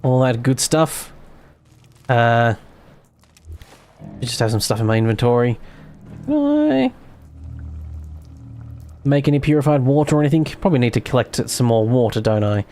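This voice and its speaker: A man's voice: mid-range voice, fairly quick, long pauses, darkish tone. A man streaming a video game, thinking aloud in casual, self-mocking commentary.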